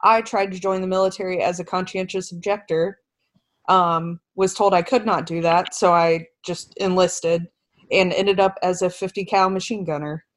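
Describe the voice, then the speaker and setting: Soft-spoken woman telling a story. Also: fairly low pitch, fairly even intonation, moderate pace. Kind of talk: casual chat.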